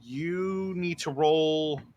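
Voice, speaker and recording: A man's voice: a little high, drawn-out words, a little mellow, muffled recording. A man acting as game master of a tabletop role-playing game, explaining rules methodically with many fillers.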